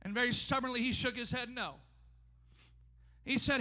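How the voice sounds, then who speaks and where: A man preaching a sermon in a church, emphatic and often shouting, his delivery swinging between fast bursts and slow drawn-out lines. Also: very high voice. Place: church sanctuary. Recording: long hall reverb.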